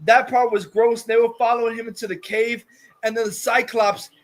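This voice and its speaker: A man's voice: very high voice, level tone, moderate pace, poor audio. A man hosting a live stream, rambling through a profane, exasperated movie rant full of restarts and swearing. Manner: exasperated, scoffing. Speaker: host reviewing a movie.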